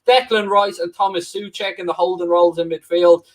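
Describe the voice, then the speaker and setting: A man's voice: high voice, fairly even intonation, fairly quick. An Irish man hosting a live football watchalong, chatting directly to viewers. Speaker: stream host.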